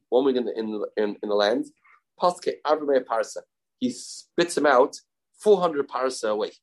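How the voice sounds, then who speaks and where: A man's voice: medium pitch, darkish tone, poor audio. A man teaching a daily Talmud class, reading Aramaic lines and retelling the story in casual English, acting out the dialogue.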